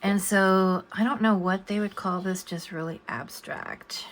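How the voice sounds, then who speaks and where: A woman's voice: medium pitch, fairly even intonation, measured pace, slight background noise. An older woman talking casually while she draws at home, rambling and hesitant with many fillers. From USA. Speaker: coloring book artist. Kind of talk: casual talk while drawing. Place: home, at a drawing desk.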